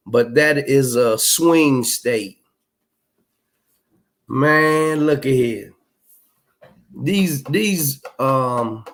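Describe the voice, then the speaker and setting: A middle-aged man, hosting a livestream and reading out chat comments in a blunt, emphatic, profane way. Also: a little high. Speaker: livestream host.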